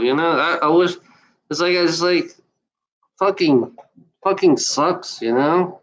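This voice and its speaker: A man's voice: a little high, slow pace, pauses often, fairly bright tone, rough recording. Blunt, rambling man ranting casually. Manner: blunt, profane, repeats himself with many fillers. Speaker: video maker. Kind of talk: casual unscripted rant.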